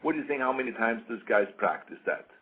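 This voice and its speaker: Speaking fast in a mid-range voice with lively intonation, a man gives a casual, emphatic interview as a guest. He repeats his points again and again and acts out the voices of people he quotes. The audio is tinny, like phone-quality radio.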